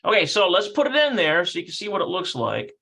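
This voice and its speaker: A man running a relaxed livestreamed language class from his computer. His voice is bright and sits a little high. He rambles, works things out aloud and corrects himself mid-sentence. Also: fast talker, gravelly, poor audio. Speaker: Hebrew teacher. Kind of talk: casual livestreamed language lesson.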